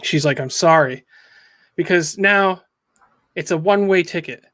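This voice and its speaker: Higher-voiced man casually recapping a story. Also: normal speed, pushed and bright. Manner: recaps a story and acts out the quotes, with frequent ums. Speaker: comic book reviewer. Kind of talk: casual podcast chat.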